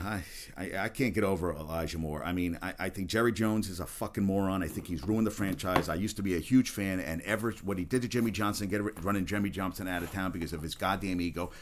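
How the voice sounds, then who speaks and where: Blunt, profane man hosting a sports show. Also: deep voice. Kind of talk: casual sports rant.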